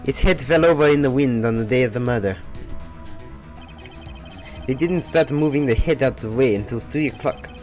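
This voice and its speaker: A man's voice: mid-range voice, moderate pace, long pauses, a little mellow, soft background music, natural voice. A man voicing a brusque middle-aged female TV producer, with terse, clipped lines and a loose attempt at an Italian accent.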